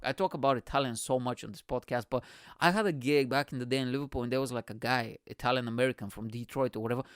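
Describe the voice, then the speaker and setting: A man's voice: medium pitch, no echo, clean studio sound. Rambling, profane man. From Bulgaria. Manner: rambling, heavy swearing, loses his train of thought. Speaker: podcast host and open-mic comedian. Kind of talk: casual rambling podcast monologue.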